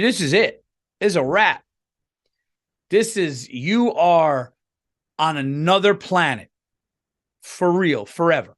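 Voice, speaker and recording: A man's voice: a little high, a bit bright. A man hosting a podcast, rambling through a casual comedic monologue with lots of swearing and restarts. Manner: rambling, profane, full of restarts. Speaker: podcast host. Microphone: podcast microphone, on camera.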